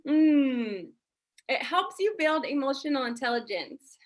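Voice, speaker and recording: Slow-speaking higher-voiced woman guest. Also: lively intonation. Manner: explains points from a numbered list, says "mm-hmm" often while listening. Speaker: podcast guest. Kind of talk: casual podcast chat.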